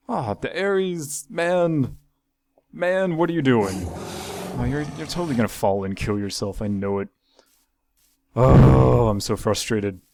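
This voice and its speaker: Chatting casually over his gameplay, a young man hosting a gaming channel talks to his animals and often restarts his sentences. His voice is lowish with a darkish tone.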